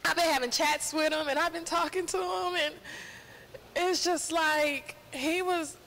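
A young woman giving an emotional tribute at a funeral, halting and fighting back tears, with many fillers. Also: very high voice, steady tone, fairly bright tone, slight background noise, rough recording. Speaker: mourner giving a eulogy.

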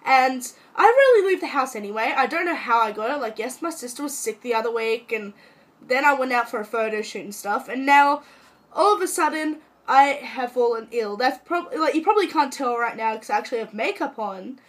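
A young woman sick with a cold, talking to camera at home in a chatty, self-mocking and dramatic way, her voice hoarse. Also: sits high, animated, brisk. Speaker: vlogger. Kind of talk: casual chat to camera.

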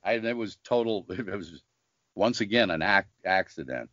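This older man, a voice actor and smoker, has a deep voice and speaks at normal speed; the audio is dull with no echo. As a guest in a casual interview, he tells stories animatedly and acts out the voices of the people in them.

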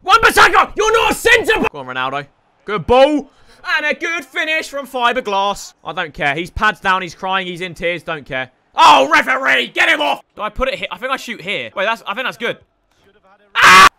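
A young man commentating on his own football video game, excitable and sweary, often shouting at the players. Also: sits high, a little fast, clear, resonant tone. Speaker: gaming streamer. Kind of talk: live gameplay commentary.

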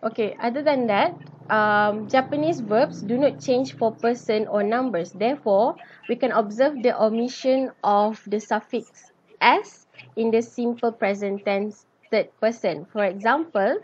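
Woman, young adult, Malay speaker, student class presentation, fairly high voice, hesitant with ums, muffled lo-fi sound. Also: a little slow, darkish tone, husky. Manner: hesitant, many ums and restarts. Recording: dull lo-fi recording.

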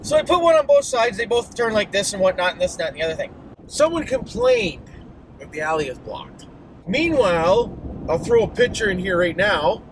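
A man's voice: high-pitched, very animated, fairly quick. Profane Canadian man ranting in a car. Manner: profane, mock-worked-up, folksy. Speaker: vlogger. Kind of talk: casual driving vlog rant. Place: inside a moving car. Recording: noisy car interior.

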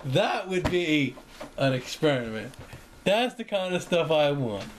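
A man's voice: fairly high pitch, very animated, unhurried. Rambling young man, faint hiss. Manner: rambling, jokey, acts out imagined exchanges. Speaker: vlogger. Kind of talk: casual rambling monologue. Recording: faint background noise.

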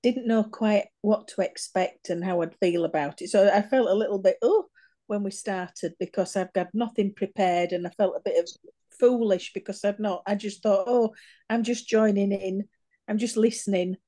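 A woman with a mellow, darker tone chats on a video call. She speaks candidly and with enthusiasm, and her words come out plainly. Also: mid-range voice, normal speed. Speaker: poetry event participant. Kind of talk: casual video call chat.

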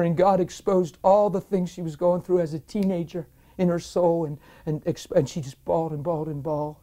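Male preacher, emphatic and excitable, sharing a testimony in an interview. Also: on the high side, a little fast, few pauses.

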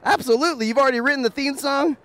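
A man's voice: very high-pitched, racing, a bit bright. A young man hosting a playful library talk show, joking and laughing with his guest. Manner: jokey and upbeat, laughs often. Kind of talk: playful casual chat.

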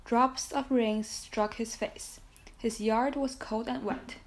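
A woman reading a children's book aloud in a gentle, steady storytelling manner with the odd small slip. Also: fairly high pitch, slow pace, slight background noise, low-quality recording.

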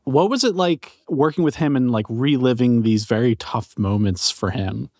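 A man hosting a podcast and asking relaxed, conversational questions. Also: medium pitch, normal speed, no echo, clean studio sound. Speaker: podcast host. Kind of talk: casual interview.

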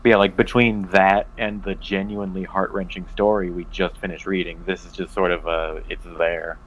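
A man on a podcast panel gives a casual review in a low voice. He rambles loosely and leans on "like" as he talks. His audio sounds dull and carries a faint hiss. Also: flat delivery, normal speed. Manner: loose, rambling, says "like" a lot.

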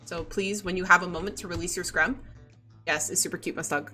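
A woman's voice: on the low side, brisk, sharp tone, faint music behind. A woman streamer chatting casually and playfully with her viewers, giggling often and reading chat aloud.

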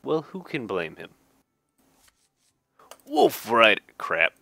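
Slow and creaky, with a sharp tone and huge pitch swings, a fairly low-voiced man reads game card flavor text for his gaming YouTube channel in a dry recording. He keeps it casual, joking, laughing at himself, and adding dry asides.

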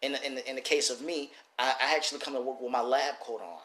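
A man at a mid pitch gives a casual motivational talk about growing an oil business. He speaks in an animated way and keeps repeating and restarting his phrases. The room around him is noticeably echoey. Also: fast talker. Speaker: oil seller teaching a lesson. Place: works in Detroit.

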